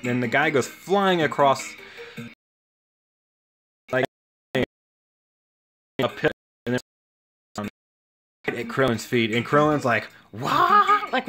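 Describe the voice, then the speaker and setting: A man casually retelling a cartoon story, rambling and halting with lots of fillers. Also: medium pitch, a bit bright. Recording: music playing under the voice.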